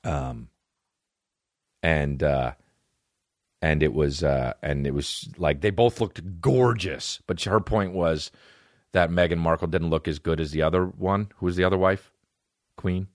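A man's voice: low voice, a little slow, pauses often, no room sound, clean studio sound. A man hosting a comedy podcast, ranting casually in a profane, rambling way and slipping into made-up dialogue. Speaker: podcast host.

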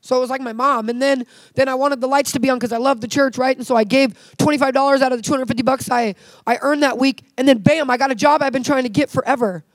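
A woman's voice: sits high, fairly even intonation, fast talker, no echo. A woman sharing a heartfelt personal faith testimony in conversation, earnest and full of "like" fillers.

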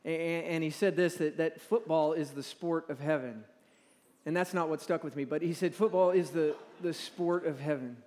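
High-voiced man preaching, hall reverb. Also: a little mellow. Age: 40s. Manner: conversational, halting, with repeated words and audience call-and-response. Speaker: pastor. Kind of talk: sermon. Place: large church hall. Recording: long reverb in a large hall.

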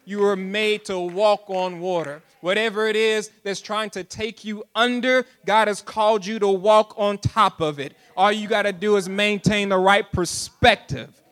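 Man, pastor, preaching, high voice, repeats phrases, builds to emphatic calls. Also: steady tone, a little slow, fairly bright tone. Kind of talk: sermon.

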